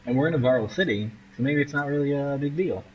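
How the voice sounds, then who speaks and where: A man's voice: mid-range voice, quick pace, husky, lo-fi sound. A man giving casual, joking commentary while playing through a game. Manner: joking, chatty, playful asides. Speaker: gamer. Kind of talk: casual let's play commentary.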